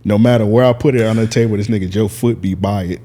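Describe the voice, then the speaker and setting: Talking quickly in a mellow, fairly low voice with fairly even intonation, a man co-hosting a laid-back podcast spins out a lengthy tale. He keeps laughing along the way and leans heavily on "like."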